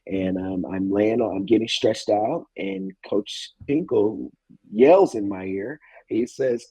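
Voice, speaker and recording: A man in his thirties, a former college football player, recounting a game in a reflective, halting way with many fillers. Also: fairly low pitch, vocal fry, warm tone, breathy edge, dry recording, rough recording. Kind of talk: casual interview storytelling.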